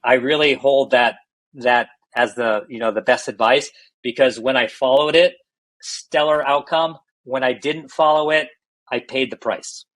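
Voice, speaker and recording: A man's voice: mid-range voice, fairly even intonation, measured pace, fairly bright tone, poor audio. A middle-aged man, a healthcare executive, candidly telling stories in a podcast interview and often restarting his phrases.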